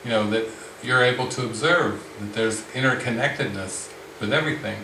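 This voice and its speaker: A man leading a spiritual retreat discussion, speaking slowly and reflectively with frequent restarts. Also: mid-range voice, noisy background. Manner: slow, reflective, many restarts. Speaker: spiritual teacher. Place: retreat room with a group. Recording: roomy sound from the mic's distance.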